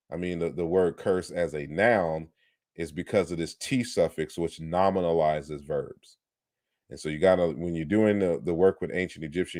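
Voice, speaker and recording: A man's voice: low voice, darkish tone, no room sound, clean studio sound. A man giving an online lecture on word comparisons, explaining patiently and turning combative toward critics. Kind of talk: online lecture on historical linguistics.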